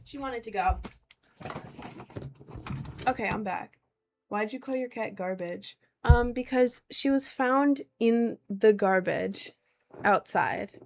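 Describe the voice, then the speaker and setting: A woman's voice: on the high side, slow, creaky, long pauses, a little hiss or hum. A woman from New York City chatting casually at home, rambling with lots of filler words as she reads viewer messages. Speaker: streamer. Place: at home, indoors.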